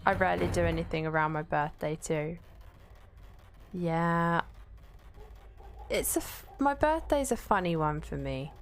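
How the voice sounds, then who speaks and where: A woman's voice: fairly low pitch, lively intonation, unhurried, long pauses. A young woman streaming a video game, chatting casually, swearing freely and reading out her chat.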